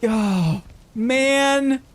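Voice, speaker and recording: A man streaming a game live, commenting casually and getting excited and gushing as he explores. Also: very high voice, extremely slow, dry recording. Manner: excitable, gushing, laughs often.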